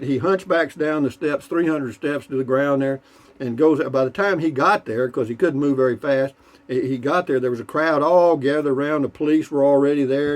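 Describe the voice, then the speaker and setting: A man tells jokes in a loose, folksy, rambling way. He fills his talk with asides and stops to toast and sip a beer between jokes. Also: fairly high pitch. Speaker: joke-telling vlogger. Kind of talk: casual joke telling.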